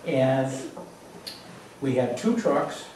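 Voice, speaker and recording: A man's voice: mid-range voice, lively intonation, drawn-out words, darkish tone. A man casually telling a personal anecdote in a plain, repetitive way that builds suspense. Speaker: storyteller. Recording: very echoey room, distant mic, faint noise.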